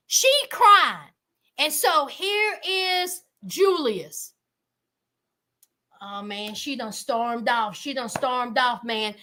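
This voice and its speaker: A woman hosting a casual reality TV recap, animated and exclaiming, talking straight to her viewers. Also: high voice, very slow.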